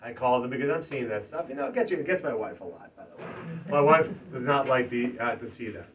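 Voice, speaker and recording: A man, a political candidate, giving a campaign stump speech to a small crowd, swinging from loud rallying to hushed, earnest talk. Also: medium pitch, animated, fast, slight background noise. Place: party office meeting room. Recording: distant lo-fi room recording, faint ambience.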